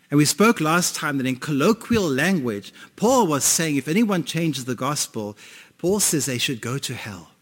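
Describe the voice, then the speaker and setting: A man's voice: a little high, big pitch swings, a little slow, fairly bright tone. A male pastor preaching a sermon, emphatic, often asking the audience questions. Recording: long reverb in a hall.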